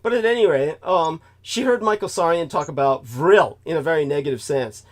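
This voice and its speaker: A man's voice: a little high, a little fast. A man hosting a talk show, rambling through a profane, digressive monologue and laughing at his own remarks. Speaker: host.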